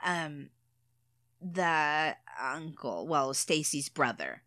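A woman's voice: sits low, sing-song, very slow, pushed and bright, dry recording, studio quality. A woman chatting casually about a TV show, hesitant, with many fillers and frequent laughter.

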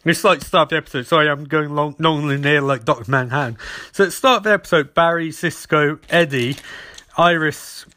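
A man's voice: on the high side, a little fast, sharp tone. A man casually recapping a TV episode as a podcast host, rambling and acting out quoted lines.

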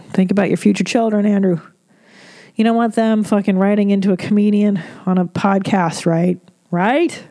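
A woman's voice: medium pitch, warm tone, dry recording, studio quality. A woman comedian hosting a podcast, giving blunt, profane, motherly advice in casual chat.

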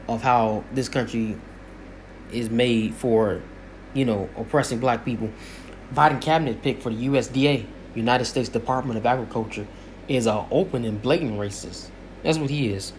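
Man, mid-pitched, emphatic commentary with repeated phrases, faint hiss behind. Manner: repetitive, emphatic, preacher-like cadence. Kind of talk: impassioned spoken commentary.

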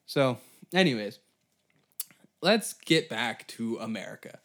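Guy, mid-pitched, hosts a crude, rambling comedy history podcast. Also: animated, a little slow, long pauses, a bit bright. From Canada. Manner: profane, rambling, jokey asides and silly quoted voices. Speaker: podcast host.

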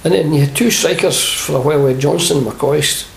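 An older Scottish man, a former football manager, telling lively anecdotes in an interview and acting out the voices of the people in them. The sound is an echoey room with faint hiss. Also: on the high side, a little fast, creaky. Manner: animated storyteller, acts out quoted voices.

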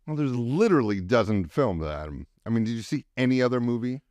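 A man's voice: mid-range voice, lively intonation, a little fast, a little mellow, no room sound, studio quality. A man hosting a comedy podcast, playing the exasperated straight man to his co-hosts. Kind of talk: sketch comedy podcast banter.

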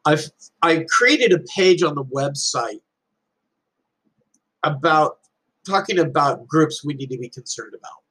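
A man's voice: fairly high pitch, animated, measured pace, long pauses, sharp tone, slightly rough, rough recording. A man giving an earnest, reflective motivational talk and telling stories to make his point. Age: adult with children. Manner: storytelling, earnest, uses parables. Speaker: speaker giving life advice.

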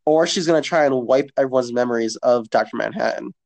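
A man's voice: mid-range voice, fast, vocal fry, a little mellow. Casual rambling man. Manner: loose, profane, rambling with fillers. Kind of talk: casual chat.

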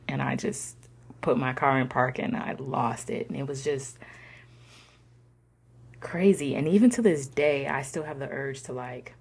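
A young woman telling a personal story in a slangy, conversational way, sometimes dropping into soft whispers. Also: rumbling low, measured pace, creaky, pauses often, slightly rough. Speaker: discussion participant.

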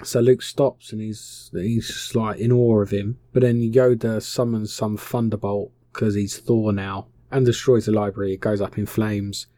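A man's voice: lowish voice, level tone, moderate pace, hardly any pauses, mellow, dry recording, studio quality. A man casually retelling a film plot, offhand, slangy and full of swearing. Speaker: film recapper. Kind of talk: casual comic film recap.

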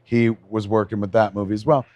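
A man co-hosting a podcast, casually telling stories with lots of swearing and excited bursts. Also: on the low side, fast, no room sound. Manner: profane, excitable storyteller. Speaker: podcast co-host. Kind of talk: casual chat, storytelling.

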